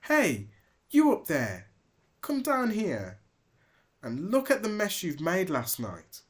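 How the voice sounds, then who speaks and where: A man's voice: lowish voice, sing-song, slow. A man voicing a kind, helpful young female cat who speaks earnestly, in a storybook reading. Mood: scolding. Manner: friendly and earnest. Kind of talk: storybook read-aloud.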